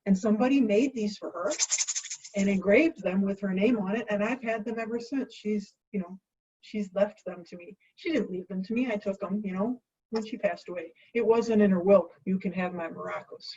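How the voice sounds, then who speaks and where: A woman hosting a home cocktail show in a playful, chatty way, making jokey asides to herself and the viewers, with a husky voice. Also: medium pitch, moderate pace, warm tone, distant mic, lo-fi sound.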